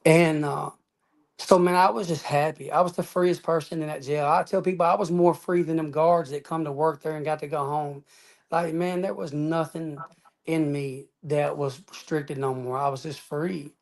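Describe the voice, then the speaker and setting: A man's voice: fairly high pitch, fairly even intonation, moderate pace, creaky. A man telling his personal testimony as an interview guest, earnest and emphatic, often adding "man" and "y'all".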